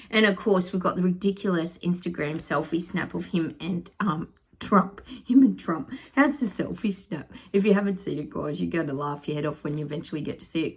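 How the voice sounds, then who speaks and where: A woman's voice: low-pitched, vocal fry, slightly rough. A woman chatting to camera in a sarcastic, laughing way, vlogging to her viewers. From Australia. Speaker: psychic vlogger. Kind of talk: casual chat to camera.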